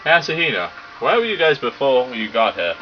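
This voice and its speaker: A man's voice: medium pitch, big pitch swings. A British man reading game dialogue aloud and joking and swearing through a let's play. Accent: British English. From Britain. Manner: sweary, joking, does quick silly voices for characters. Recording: dull lo-fi sound with game music behind. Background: game music.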